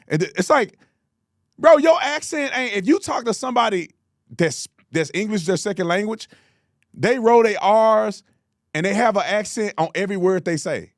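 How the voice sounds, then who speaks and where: A man's voice: sits high, animated, normal speed, gravelly, no echo, studio quality. A man hosting a political commentary show, mocking and exasperated, repeating words for emphasis.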